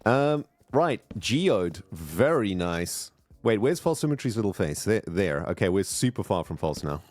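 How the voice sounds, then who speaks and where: Animated, excitable male game streamer. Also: on the low side, a little slow, no echo. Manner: chatty, excitable, greets viewers. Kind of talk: casual live gameplay chat.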